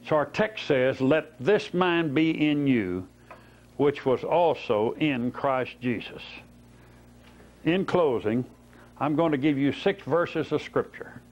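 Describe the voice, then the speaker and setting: On a dull lo-fi tape recording, a man with a voice on the high side preaches a Bible-study sermon at a slow pace. He tells folksy stories and poses rhetorical questions.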